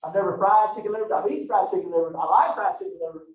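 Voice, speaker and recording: A man's voice: sits high, rapid-fire. Folksy man lecturing from afar. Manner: folksy, joking storyteller. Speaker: anatomy instructor. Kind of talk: classroom lecture. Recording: far-off, echoey, phone-like lecture recording.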